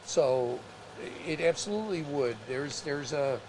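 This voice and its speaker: A man co-hosting a casual live stream, speaking haltingly with many restarts and reading viewer comments aloud. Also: on the high side, expressive, background noise. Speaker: co-host.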